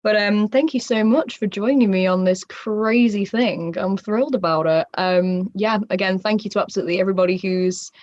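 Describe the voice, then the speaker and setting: A woman's voice: mid-range voice, normal speed, few pauses, darkish tone, no echo. A woman from the north of England with a northern accent, a guest on a livestreamed convention panel, chatting, reading the chat and laughing often. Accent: Northern English. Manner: bubbly, rambling, laughs often. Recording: dull, dry home livestream audio.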